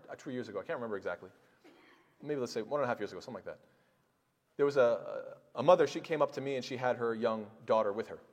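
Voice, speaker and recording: Earnest male preacher in a reverberant hall. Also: mid-range voice. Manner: earnest, storytelling with rhetorical questions. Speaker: imam. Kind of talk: sermon.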